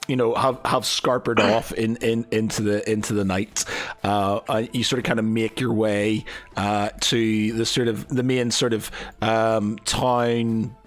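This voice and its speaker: Male game master, halting narrator who restarts often. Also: mid-range voice. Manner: hesitant, full of fillers and restarts.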